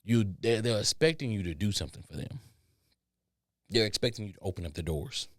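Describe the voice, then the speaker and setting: A man's voice: on the low side, animated, fairly quick, no room sound, clean studio sound. A man hosting a podcast, ranting in an exasperated, sarcastic monologue. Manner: exasperated, sarcastic, does mocking voices of others. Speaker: podcast host.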